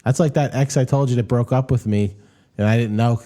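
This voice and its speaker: A man's voice: mid-range voice, steady tone, brisk, mellow. A man co-hosting a comedy podcast, joking in casual chat and acting out quoted voices.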